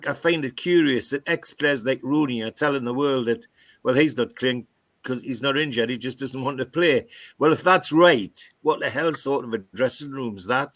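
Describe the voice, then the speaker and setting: A man's voice: medium pitch, fairly bright tone, no room sound. A man giving blunt, opinionated views as a pundit on a fan podcast.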